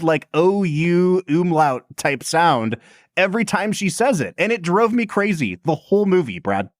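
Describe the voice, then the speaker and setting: A man co-hosting a casual film review podcast, animated and quick to laugh. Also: high-pitched, no room sound, clean studio sound. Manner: animated, laughs often, puts on quoted voices. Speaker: podcast co-host.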